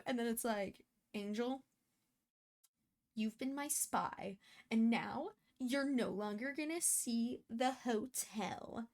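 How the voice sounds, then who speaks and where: A woman's voice: fairly high pitch, takes it slowly, darkish tone. Rambling emotional woman reacting to a show. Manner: rambling and emotional, many fillers and restarts. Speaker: reaction video host. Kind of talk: casual reaction commentary.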